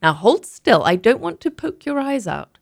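A woman reading a memoir aloud, voicing her mother as brisk, commanding and dry-humoured. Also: fairly high pitch, big pitch swings, gravelly, pitched above the performer's own voice, exaggerated voice. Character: brisk, unflappable, wry mother.

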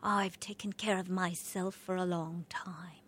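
A woman's voice: on the low side, steady tone, a little slow, a bit bright, slightly rough. A woman in whispered role-play as a poised, self-reliant young woman with an English accent. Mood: wistful.

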